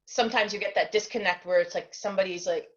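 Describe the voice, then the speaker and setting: A woman's voice: mid-range voice, steady tone, fast, highs cut off. A woman from New Jersey chatting as a panelist on a video call, with lots of fillers.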